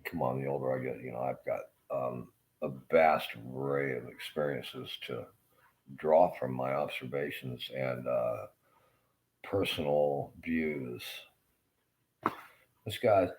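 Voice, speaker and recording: A middle-aged man with a Southern American accent, delivering a rambling monologue rant that is blunt and profane and full of halting fillers. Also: very deep voice, a little mellow, poor audio. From Southern United States.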